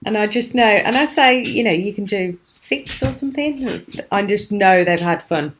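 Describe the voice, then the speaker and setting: A woman's voice: mid-range voice, expressive, moderate pace, a little hiss or hum. A British woman hosting a live craft show from home, chatting admiringly and laughing often. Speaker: craft channel host.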